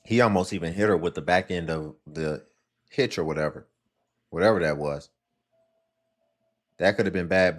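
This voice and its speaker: Man musing over a clip, low voice. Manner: musing, questioning, conversational. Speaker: host reacting to a clip. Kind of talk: casual commentary.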